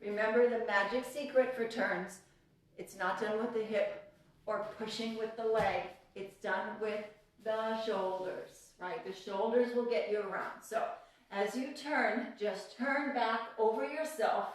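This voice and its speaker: A woman's voice: on the high side, steady tone, measured pace. Cheerful woman counting dance beats. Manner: counting beats aloud while demonstrating; chatty, cheerful, greets students by name. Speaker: belly dance teacher. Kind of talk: live online dance class instruction. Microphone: phone camera away from her. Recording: echoey room, voice from a distance, music faint behind.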